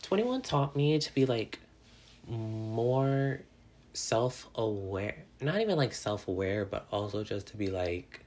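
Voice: medium pitch, animated, takes it slowly, darkish tone. Young solo podcast host in their twenties; chatty, candid, joking, constant "like" fillers, rambling delivery. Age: 20s. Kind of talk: casual solo podcast chat.

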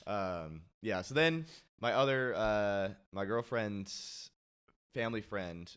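A man with a low, deep voice, chatting as a guest on a talk show. He rambles through his story with plenty of fillers and the odd swear word. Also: expressive, takes it slowly, a bit bright, clean tone. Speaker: podcast guest. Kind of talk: casual chat.

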